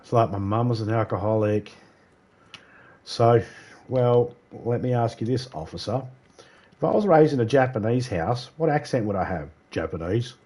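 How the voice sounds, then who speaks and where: A man with a mid-range, slightly mellow voice talks at a normal speed while gaming live on stream. He chats loosely, his speech a bit slurred, wandering through stories and laughing a lot.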